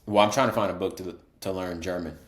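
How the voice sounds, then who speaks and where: A man's voice: low-pitched, fairly even intonation, quick pace, echoey room. A man co-hosting a podcast in casual chat, laid-back and rambling, laughing often. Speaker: podcast co-host.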